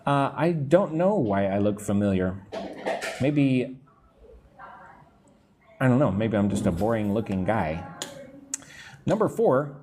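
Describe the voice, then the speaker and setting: A man teaching an English lesson on a live stream, reading out viewers' comments, answering them casually, and slowly drilling pronunciation. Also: on the low side, sing-song, warm tone, a little hiss or hum. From United States. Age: adult, not young.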